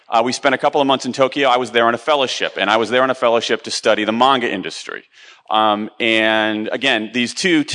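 A man's voice: medium pitch, a bit bright, big-room sound. A middle-aged man giving a chatty, self-deprecating live conference talk, with many ums and restarts. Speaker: conference speaker.

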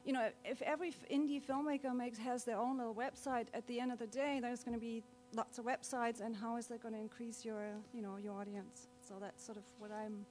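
A woman's voice: fairly high pitch, fairly even intonation, a little fast, few pauses, darkish tone, a little hiss or hum. A woman on a discussion panel, asking questions and searching for words.

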